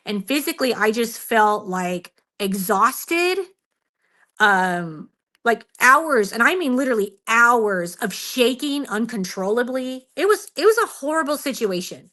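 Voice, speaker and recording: A woman with a bright, tense, fairly high voice tells a frightening story from her own life. She talks earnestly and a bit shaken, with lots of fillers, and keeps acting out what she said and thought. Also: lively intonation, a little slow. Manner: earnest, shaken, many fillers and quoted self-talk. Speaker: guest, Bigfoot researcher. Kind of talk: telling a personal story in a radio interview.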